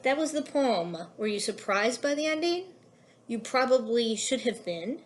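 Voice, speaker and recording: A woman's voice: fairly high pitch, expressive, normal speed, a little hiss or hum. A woman teacher giving a recorded lesson, explaining patiently with a few fillers.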